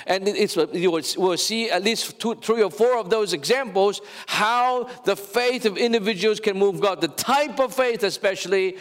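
High-voiced preacher in a reverberant church. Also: male voice. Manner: animated preaching, often stretching words and crying out louder; talks straight to the congregation, with fillers and restarts. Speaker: pastor. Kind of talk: sermon. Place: church sanctuary.

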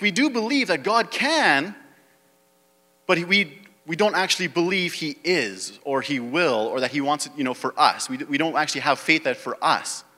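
A man's voice: mid-range voice, pushed and bright. A male pastor preaching a sermon, reading scripture aloud and then pressing his point with rising emphasis. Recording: long hall reverb.

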